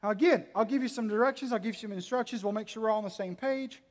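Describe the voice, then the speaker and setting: High-voiced preacher in a reverberant hall. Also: male voice, racing. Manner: dynamic, swinging between quiet asides and loud emphatic lines; humorous, teasing the congregation. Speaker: pastor. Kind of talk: sermon. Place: church hall.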